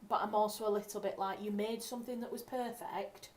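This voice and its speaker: A woman's voice: medium pitch, fairly even intonation, brisk, darkish tone. A young woman from England, a writer hosting a casual livestream at home, talking in a chatty, rambling way and correcting herself as she goes. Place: home room.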